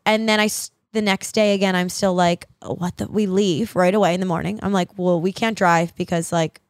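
Animated woman telling a story on a podcast. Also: fairly low pitch, a little fast, no echo, clean studio sound. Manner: animated, laughing, acts out quoted dialogue. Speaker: podcast co-host. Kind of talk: casual storytelling chat.

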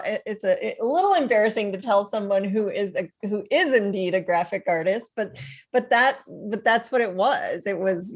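A middle-aged woman, a self-taught collage artist, talking through her work in a thoughtful, rambling way with many restarts. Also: mid-range voice. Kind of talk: conversational interview.

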